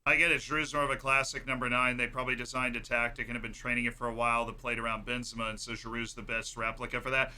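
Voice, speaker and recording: Male streamer host, casual excitable football chat, very bright tone. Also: medium pitch, quick pace, hardly any pauses. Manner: chatty, excitable, jokey. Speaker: streamer hosting a World Cup watchalong. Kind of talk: casual live-stream commentary.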